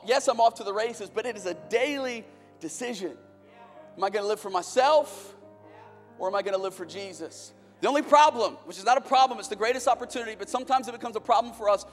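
High-voiced man preaching in a reverberant hall. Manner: impassioned, building in bursts then dropping low. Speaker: pastor. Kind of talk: sermon. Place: church auditorium. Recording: long reverb of a large hall with music.

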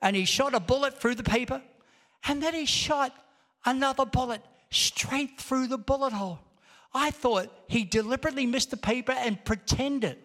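A man's voice: very high-pitched, normal speed, fairly bright tone. A male pastor preaching a sermon, telling a story and building to emphatic calls to the congregation. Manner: storytelling, rising to emphatic exhortation. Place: large church auditorium. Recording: long hall reverb.

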